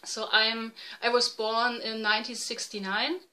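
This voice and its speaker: A woman in her forties from East Germany with a German accent, hosting a casual podcast in halting, self-correcting English. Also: fairly high pitch, flat delivery, sharp tone, rough recording. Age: 40s. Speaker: podcast host. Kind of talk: casual video podcast chat. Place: home room, dim light.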